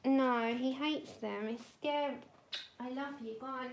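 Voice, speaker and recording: A woman chatting casually to her livestream viewers while she colours, her voice sitting a little high. She breaks off to coax her dog in soft, sing-song tones, recorded at home on a phone. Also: steady tone, unhurried, slight background noise. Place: home indoors.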